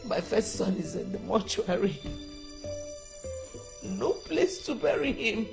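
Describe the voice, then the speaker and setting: A woman's voice: animated, slow pace, vocal fry, full character voice. An actress playing a grieving mother who pleads and weeps. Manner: weeping, pleading, swings high and low. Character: grieving middle-aged mother, weeping, desperate. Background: background music.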